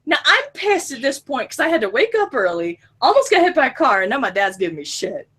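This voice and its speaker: A young woman in her twenties tells a story over casual chat, her fairly high voice leaping all over the place. She laughs often and swears freely as she goes. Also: very animated, fast, fairly bright tone, breathy edge. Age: 20s.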